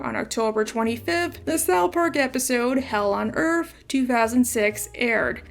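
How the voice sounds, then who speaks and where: A woman narrating a comedic video essay with playful, sarcastic asides and quick apologies. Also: sits high.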